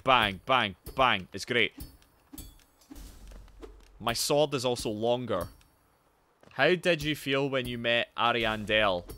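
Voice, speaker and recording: A man streaming a game live, chatting casually and swearing, with sudden loud yells at the action. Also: mid-range voice. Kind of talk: live gameplay commentary and chat.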